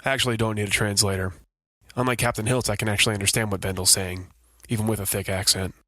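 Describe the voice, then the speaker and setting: An actor playing a wisecracking private detective who narrates in a dry, hard-boiled way and grows exasperated. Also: male voice, lowish voice, fairly even intonation, quick pace, sharp tone. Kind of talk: comedy noir audio drama.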